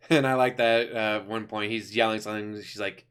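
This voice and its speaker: A man's voice: fairly low pitch, steady tone, normal speed, a bit bright, clear, resonant tone. Rambling, enthusiastic man reviewing a show. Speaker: YouTuber reviewing an animated show. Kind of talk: casual spoken review.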